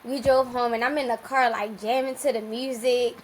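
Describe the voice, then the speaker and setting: A woman guest on a podcast telling a personal story in a casual, animated way, laughing often and restarting her sentences. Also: fairly high pitch, normal speed, poor audio.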